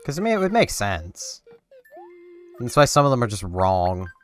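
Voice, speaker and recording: A man's voice: fairly low pitch, huge pitch swings, normal speed, soft background music. A man giving casual let's-play commentary, rambling and talking to himself and to the game as he plays. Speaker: gameplay commentator.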